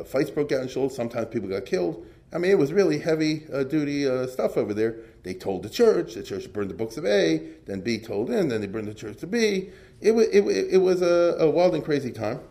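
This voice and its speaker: A man lecturing on Jewish history in a loose, conversational way, often jumping up in pitch for emphasis and checking in with rhetorical questions. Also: sing-song, fairly quick, warm tone. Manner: asks the audience rhetorical questions. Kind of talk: informal lecture.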